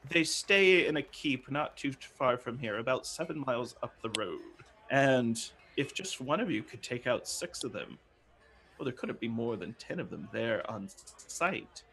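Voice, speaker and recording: A man's voice: medium pitch, a bit bright. A man voicing a gray-haired older woman in a tabletop game, chatty and persuasive as she asks for help.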